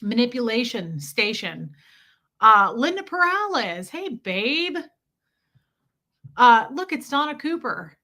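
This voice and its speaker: This is a young adult woman chatting casually on a livestream from her home. Her voice sits a little high and sounds bright and forward. She talks in a loose, friendly way and often calls her viewers "babe" and "girl.". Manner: chatty, warm greetings, frequent laughs. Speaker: livestream host. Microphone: streaming setup mic.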